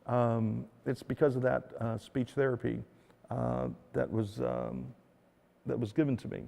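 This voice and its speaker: A man talks straight to his viewers as the host of his own show, rambling and padding every thought with fillers and "dude." His voice has a gravelly fry. A long hall reverb trails behind him. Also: mid-range voice, little pitch movement, a little slow, warm tone. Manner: rambling, filler-heavy, says "dude" often. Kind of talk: casual monologue to viewers.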